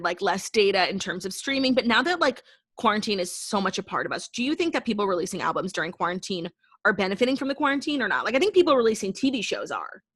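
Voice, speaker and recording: A woman's voice: medium pitch, fairly bright tone, no room sound, clean studio sound. A young woman co-hosting a chatty podcast, gushing and peppering her talk with "like.". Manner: gushing, filler-heavy talk full of "like". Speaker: podcast co-host. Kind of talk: casual chat.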